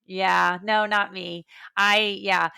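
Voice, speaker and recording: A middle-aged woman with a gravelly edge to her voice chats as a podcast co-host. She is animated, laughs easily and slips into playful voices. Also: mid-range voice, slow pace, dry recording. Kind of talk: casual chat.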